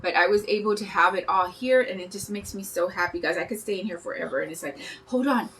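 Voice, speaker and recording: A woman's voice: lowish voice, quick pace, fairly bright tone, a little hiss or hum, poor audio. A woman in her fifties hosting a live craft tutorial, chatting in a bubbly, rambling way and greeting viewers by name as she works. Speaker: craft livestream host.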